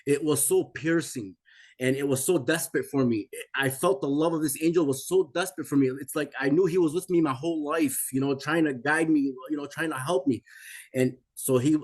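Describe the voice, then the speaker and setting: A man's voice: on the high side, brisk, a little mellow. Intense man in his forties recounting. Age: 40s. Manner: intense, repetitive, restarts mid-sentence. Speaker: guest telling a near-death experience. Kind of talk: emotional personal testimony.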